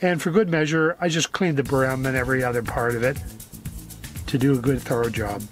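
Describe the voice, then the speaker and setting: A man's voice: medium pitch, steady tone, fairly quick, faint music behind. A man narrating a casual how-to vlog in a friendly, chatty way. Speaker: vlogger.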